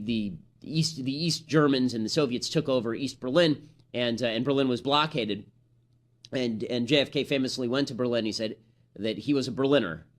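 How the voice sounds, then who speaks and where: A man giving a rapid, combative and sarcastic political commentary monologue, often restarting his phrases. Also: mid-range voice.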